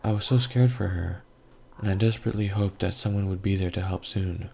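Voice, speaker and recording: A man reading a scripted horror story aloud in a measured, grave first-person telling. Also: deep voice, fairly even intonation, creaky, warm tone, husky. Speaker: story narrator.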